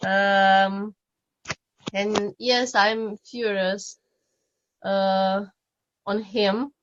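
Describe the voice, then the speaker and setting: A woman in a group session who shares her feelings hesitantly, pausing often with fillers. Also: medium pitch. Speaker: workshop participant. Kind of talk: casual sharing in a group. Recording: dull audio with steady noise.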